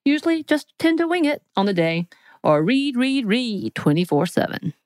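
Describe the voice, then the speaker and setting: A woman's voice: on the high side, sing-song, moderate pace, darkish tone, dry recording. A woman co-hosting a podcast, reading out quiz questions in a playful, teasing way. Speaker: podcast co-host. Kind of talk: casual chat.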